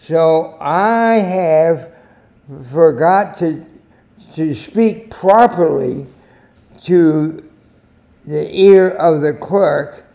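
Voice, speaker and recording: An older man with an American accent tells a personal anecdote for a weekly editorial. His voice is gravelly and mellow, and he unhurriedly lets each phrase land. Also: on the high side. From United States. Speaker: editorial host. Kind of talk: short spoken editorial with anecdotes.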